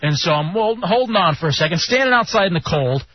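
A high, husky male voice that leaps all over the place as he tells a story on a radio show, sliding up sharply whenever he gets indignant. It sounds dull and lo-fi, like an off-air broadcast recording. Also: quick pace. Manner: animated, jumps to high pitch when indignant. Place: radio studio.

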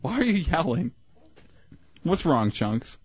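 A man with a lively, slightly raised voice co-hosting a radio show, asking wry, needling questions. The broadcast sound is dull and lo-fi. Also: a little high, slow pace, slight background noise. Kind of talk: radio banter.

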